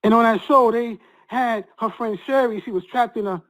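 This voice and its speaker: A man speaking as a guest, telling an emotional personal story in an earnest, halting way with many repeated restarts. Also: extremely high pitch, fairly bright tone, rough recording.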